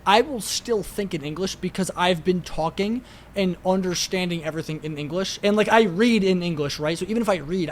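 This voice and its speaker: With a high-pitched voice and a little hiss or hum on the track, a young New York–accented man co-hosts a podcast. His chat is casual, meandering, and profane, packed with filler words, especially "like."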